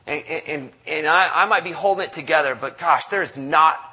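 A man's voice: fairly high pitch, moderate pace, bright, forceful tone, breathy edge. A man preaching a conversational sermon, acting out quotes and restarting often. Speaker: pastor.

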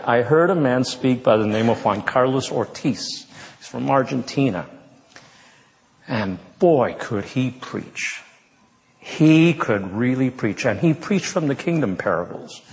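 A man giving an animated, humorous storytelling talk, speaking conversationally to an audience. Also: medium pitch, vocal fry. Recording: reverberant hall.

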